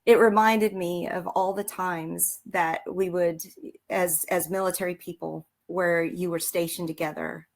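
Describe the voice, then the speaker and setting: Rambling woman veteran, low voice. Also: fairly even intonation, measured pace. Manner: rambling, with many fillers and restarts. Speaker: guest, military veteran and author. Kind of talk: casual interview chat.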